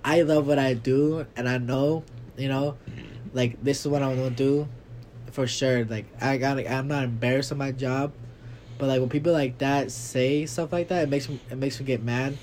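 Young man telling animated stories. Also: mid-range voice, normal speed, a little hiss or hum. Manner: animated storyteller, acts out quotes loudly. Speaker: podcast co-host. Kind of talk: casual chat.

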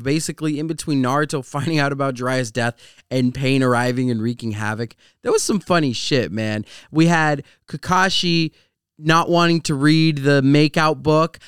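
A man's voice: on the high side, clean tone, no room sound, studio quality. A man co-hosting a podcast in casual chat, laid-back and profane, often laughing as he talks. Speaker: podcast co-host.

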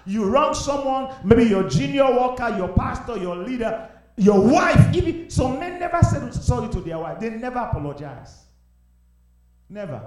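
A young adult male pastor preaching a sermon, swinging between shouted exhortation and quiet confiding. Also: high voice. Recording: echoey hall, voice from far off.

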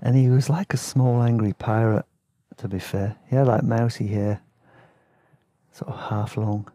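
A man's voice: mid-range voice, fairly even intonation, unhurried, dark tone, dry recording. A man casually telling rambling travel stories on his podcast, with slang, fillers and laughs. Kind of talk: casual storytelling.

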